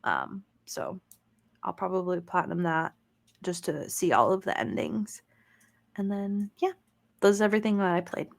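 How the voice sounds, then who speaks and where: A woman's voice: lowish voice, normal speed, gravelly, long pauses. A woman co-hosting a gaming podcast, chatting casually with lots of fillers and laughter. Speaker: podcast co-host. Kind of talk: casual chat.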